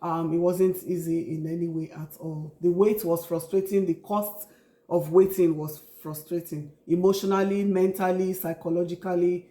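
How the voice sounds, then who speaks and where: A woman's voice: fairly low pitch, flat delivery, normal speed, mellow, roomy sound. A Nigerian woman in her forties being interviewed about her life, telling her story openly and acting out remembered dialogue. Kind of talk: casual interview.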